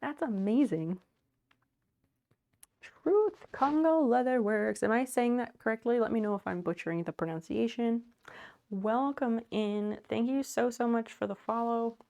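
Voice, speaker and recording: A woman's voice: a little high, moderate pace, creaky, warm tone. A woman livestreaming from her home office, chatting casually as she sorts and works, greeting and thanking viewers and laughing often. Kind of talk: casual livestream chat while doing home chores.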